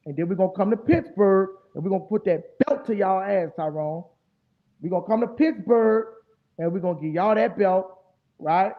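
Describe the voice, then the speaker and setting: Fired up guy with a high voice ranting about his team, cussing a lot, sounds like it's over a phone line. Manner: animated, profane trash talk. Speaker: fan show host. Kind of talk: casual sports talk stream. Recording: tinny phone-like audio.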